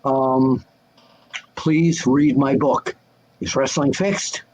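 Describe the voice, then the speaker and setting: Older man with a husky voice. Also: mid-range voice, drawn-out words, rough recording. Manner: animated, acts out quoted voices. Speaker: guest answering fan questions. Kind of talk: casual storytelling chat.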